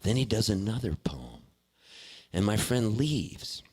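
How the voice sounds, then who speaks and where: A man's voice: on the low side, sing-song, slow, darkish tone, husky. A man, a performing musician, telling an earnest story onstage at a concert hall, acting out the voices he quotes.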